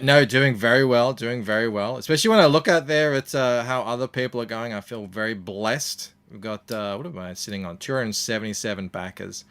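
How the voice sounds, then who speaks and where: With a smooth voice of medium pitch, an Australian man who creates comics spins stories in a laid-back interview chat. He fills his speech with lots of ums and uhs.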